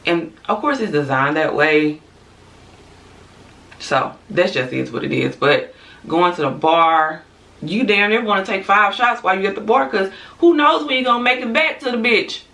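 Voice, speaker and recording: A woman vlogger speaks her mind in a casual, unfiltered rant, swearing freely and dropping quick asides to her viewers. Her voice is bright and clear in tone. She sits a little back from the microphone. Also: mid-range voice, lively intonation, recorded from a distance. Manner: blunt, profane, candid, with frequent asides and laughs. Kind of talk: casual opinion rant to camera.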